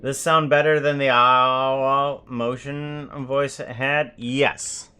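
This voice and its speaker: A man streaming live, chatting casually in a rambling, halting way as he works. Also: medium pitch, level tone, bright, forceful tone, clear, resonant tone. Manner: rambling, halting, self-correcting.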